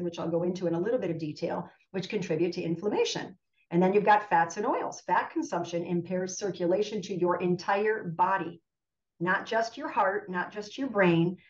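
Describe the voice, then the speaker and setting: Woman physical therapist presenting, emphatic, on a dull lo-fi recording in a roomy space. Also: fairly low pitch. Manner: emphatic, asks "right?" a lot. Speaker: physical therapist and nutrition educator. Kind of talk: guest presentation. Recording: distant roomy lo-fi audio.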